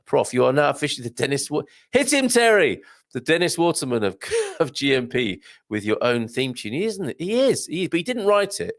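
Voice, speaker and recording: A middle-aged British man hosts a live show, reading viewer comments aloud in a casual, wry way full of ums and asides. His medium-pitched voice is animated and runs a little fast, suiting the relaxed live-stream chat.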